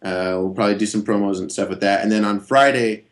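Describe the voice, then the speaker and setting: Rambling, relaxed lower-voiced man. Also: quick pace. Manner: relaxed, rambling, many fillers and restarts. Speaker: guest guitarist. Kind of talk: casual interview chat.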